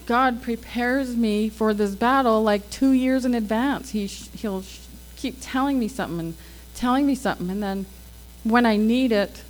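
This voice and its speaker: A woman's voice: fairly high pitch, low-quality recording. A woman telling stories from her faith in a casual, chatty way, acting out what people said and using "like" often. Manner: acts out quoted dialogue, chatty with many "like"s. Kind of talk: casual testimony storytelling.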